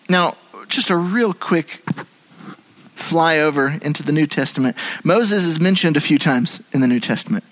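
Pastor preaching, voice fairly high. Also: male voice, rough recording. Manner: expressive preaching, shifts from hushed to animated. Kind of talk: sermon. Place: church sanctuary.

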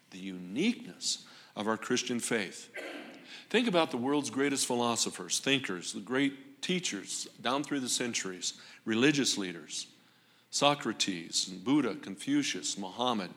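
A man preaching a sermon with dramatic pauses and rising emphasis on repeated phrases. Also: mid-range voice, fairly bright tone. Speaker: pastor. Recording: long hall reverb.

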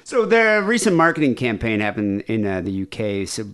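Animated rambling male podcast host. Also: lowish voice, normal speed, clean tone. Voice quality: nasal. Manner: animated, rambling, self-deprecating. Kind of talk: casual chat.

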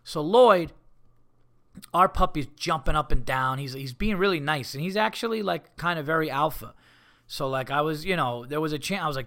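Podcast host, male, profane storyteller, bright tense tone, slightly high. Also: moderate pace. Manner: profane, animated, rambling. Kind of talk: casual comedic storytelling.

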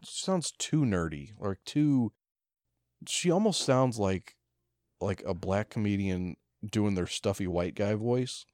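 A lower-pitched man chatting casually as a podcast co-host. He is laid-back and mostly agreeable. The recording is dry and close. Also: expressive, takes it slowly, darkish tone, no room sound. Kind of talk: casual chat.

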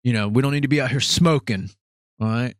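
A man's voice: mid-range voice, fast talker, dry recording, lightly acted. A man quoting a smug, dismissive older male pastor while telling a story, in a dry close-mic recording. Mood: chiding. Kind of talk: quoted impression in storytelling.

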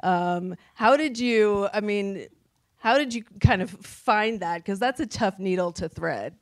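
A woman moderating a panel, asking long, thoughtful questions with pauses and fillers. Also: mid-range voice.

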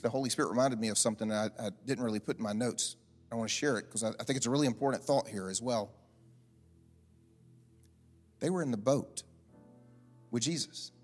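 A man delivering a sermon as a pastor, conversational and humorous, with chatty asides and restarts. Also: mid-range voice. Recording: echoing large hall, faint music.

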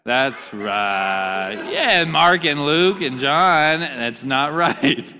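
A man's voice: medium pitch, animated, extremely slow, bright, forceful tone, big-room sound. A man giving an interactive, joking sermon to a youth group, quizzing the audience as he reads scripture. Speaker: youth pastor.

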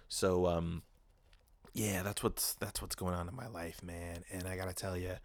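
Low-voiced man ranting on his podcast. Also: moderate pace. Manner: profane, animated storytelling with mock quotes. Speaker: podcast host. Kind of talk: casual solo podcast rant. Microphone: podcast microphone.

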